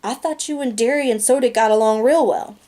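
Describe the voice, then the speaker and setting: A quiet, beaten-down teenage boy with a soft, subdued voice, voiced by a woman reading a novel aloud. It is a gentle storybook reading that stays near the reader's natural voice. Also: on the high side, brisk, close to an everyday voice.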